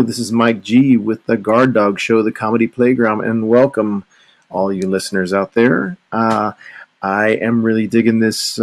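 A man with a low, gravelly voice hosts a casual solo podcast. He rambles along, circling back and restarting his sentences as he talks. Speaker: podcast host.

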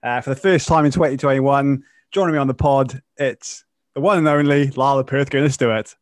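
Laid-back New podcast host. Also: male voice, medium pitch, fairly quick, no echo, studio quality. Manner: relaxed, laughs often, teasing. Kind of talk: casual chat.

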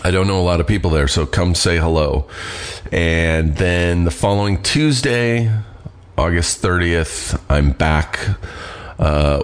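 A middle-aged man hosting a podcast, rambling in a laid-back way with some swearing. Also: low-pitched. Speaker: podcast host. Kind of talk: casual chat.

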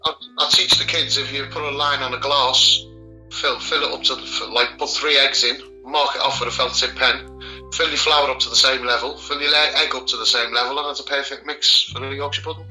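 A man with a Scouse accent, speaking as an interview guest. His voice is very bright and forward, and he talks plainly, pausing on ums. Faint music plays behind him. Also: mid-range voice, fairly even intonation, rough recording. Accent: Liverpool (Scouse). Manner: plain-spoken, hesitant with many ums. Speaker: interview guest, children's rights campaigner. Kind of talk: casual interview answers.

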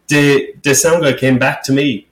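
A male podcast host and stand-up comedian tells a story in a worked-up rant, full of swearing. His voice sits at an ordinary pitch. The room gives it a clear echo. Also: unhurried. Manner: animated ranting storyteller who swears a lot. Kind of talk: casual podcast chat. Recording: roomy echo.

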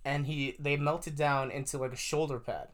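A man in casual chat, explaining plot details and lore with a relaxed, joking manner. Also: a little high, moderate pace. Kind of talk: casual chat recapping a TV episode.

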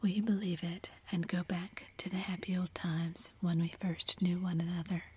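A woman's voice: on the low side, flat delivery, normal speed, breathy edge. A woman whispering as a remorseful young man. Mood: tender. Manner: soft, pleading, heartfelt. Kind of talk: whispered role-play.

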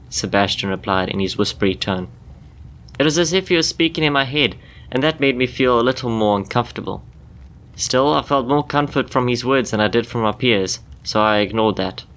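A man calmly telling a first-person short story in scripted narration for a podcast. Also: on the low side, a little fast.

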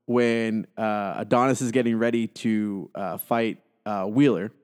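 A man's voice: on the low side, unhurried, smooth. A man hosting a casual movie podcast, retelling scenes with lots of fillers and acted-out quotes. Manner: animated storyteller, acts out quotes, frequent fillers. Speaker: podcast host. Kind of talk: casual movie review chat.

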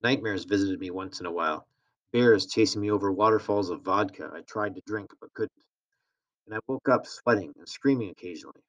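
A man reading a novel aloud in a steady, plain storytelling manner. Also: on the low side, fairly quick, highs cut off. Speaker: reader.

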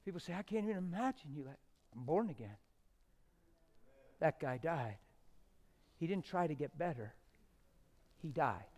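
A middle-aged man preaching a testimony sermon, swinging from loud shouted stretches to hushed, near-whispered ones. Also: fairly high pitch, big pitch swings, normal speed, pauses often.

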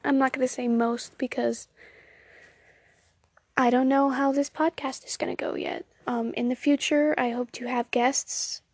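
A woman's voice: sits high, animated, measured pace, husky, dry recording. Young Southern woman rambling on a phone podcast. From Southern United States. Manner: rambling, self-deprecating, giggly, many ums. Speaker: podcast host. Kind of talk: casual solo podcast chat.

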